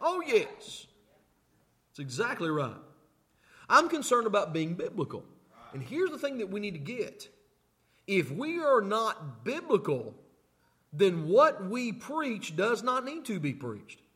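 Man, pastor preaching, high voice, emphatic, repeats himself. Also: huge pitch swings, a little slow, long pauses, fairly bright tone, slightly rough. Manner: emphatic, repeats phrases, asks the congregation questions. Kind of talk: sermon.

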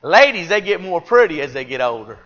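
Fervent preacher man, bright and high. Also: big pitch swings, brisk, highs cut off. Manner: fervent, swings between loud emphatic peaks and quiet confiding asides. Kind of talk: sermon.

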